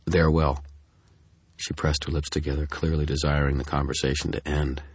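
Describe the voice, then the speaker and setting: A male narrator tells a first-person story in a steady, dry manner. His voice is extremely deep with a husky grain. The recording is dry and close to the mic. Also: fast, dry recording. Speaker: audiobook narrator.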